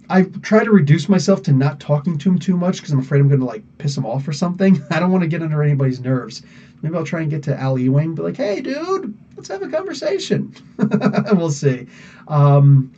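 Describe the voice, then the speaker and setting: A man hosting a casual live podcast, answering chat in an excitable, rambling way with many fillers and restarts. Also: a little high, distant mic, muffled recording.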